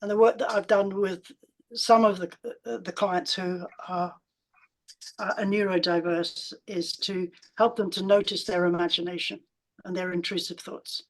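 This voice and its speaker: A woman mental health coach explaining her approach in a panel discussion, in a calm, measured way. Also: on the low side, poor audio.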